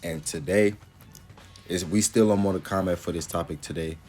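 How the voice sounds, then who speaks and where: A man with a very low, deep voice chats casually to his viewers, rambling loosely with plenty of fillers. Faint music plays underneath. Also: normal speed, darkish tone. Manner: laid-back, rambling, lots of fillers. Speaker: YouTuber. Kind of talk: casual video commentary.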